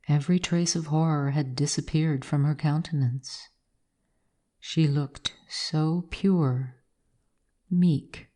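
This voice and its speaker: A woman narrating a gothic tale in slow, measured storytelling. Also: low-pitched, warm tone. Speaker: reader.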